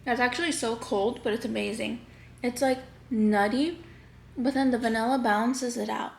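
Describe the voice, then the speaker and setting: A young woman chatting bubbly and fast in a mukbang vlog, laughing often and reading confessions aloud. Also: fairly high pitch, fairly even intonation, creaky. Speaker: YouTuber. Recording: echoey room.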